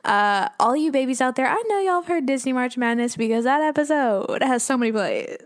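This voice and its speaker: A woman's voice: high voice, lively intonation, brisk. A young adult woman co-hosting a podcast, chatting casually with playful, jokey asides. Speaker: podcast co-host.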